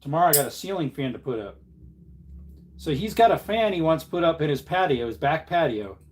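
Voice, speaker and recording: A man's voice: a little high, expressive, a little fast. A man hosting a casual live stream, joking and answering viewer comments while he hand-loads ammunition at his bench. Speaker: livestream host.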